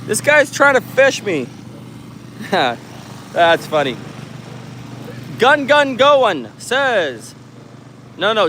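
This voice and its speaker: Reading viewer comments aloud with jokes and laughter, this U.S. livestream host chats casually outdoors. He has a high, bright, forceful voice, recorded through a handheld camera mic with slight background noise.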